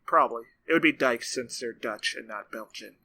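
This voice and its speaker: A man's voice: mid-range voice, normal speed, sharp tone, no room sound. A man co-hosting a comedy TV podcast, playful and always slipping into silly bits and put-on voices. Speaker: podcast co-host. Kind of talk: casual comedic chat.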